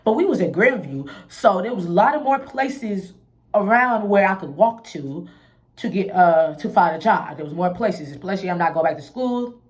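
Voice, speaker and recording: A woman's voice: mid-range voice, animated, moderate pace, a little mellow. A young woman telling a personal story in a casual vlog, candid and emotional, full of slang and asides to her viewers. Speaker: vlogger.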